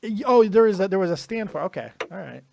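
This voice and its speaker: A male podcast host who talks in a blunt, casual way and swears a lot. His voice sits a little high. The sound is dry and close, with little room echo. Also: lively intonation, quick pace, vocal fry, a little mellow. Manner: blunt and profane, wrapping up the show. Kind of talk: casual chat.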